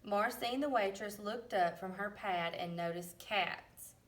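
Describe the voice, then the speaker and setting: An unhurried woman reads a farm picture book to young listeners and stops now and then to ask them questions. She jumps into bright, playful voices for the animals. She sits a little back from the microphone. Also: mid-range voice, recorded from a distance. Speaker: teacher reading aloud. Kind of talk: read-aloud storybook with questions.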